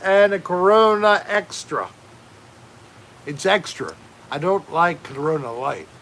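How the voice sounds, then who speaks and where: A man's voice: high voice, animated, takes it slowly, fairly bright tone, slight background noise. A man hosting a casual home livestream, rambling and joking while reading out chat names. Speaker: livestream host.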